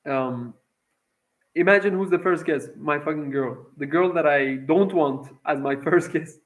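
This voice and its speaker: A man's voice: a little high, a little slow, low-quality recording. A young man from Iran telling a long personal story in a casual, profane, rambling way, with lots of fillers. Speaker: vlogger.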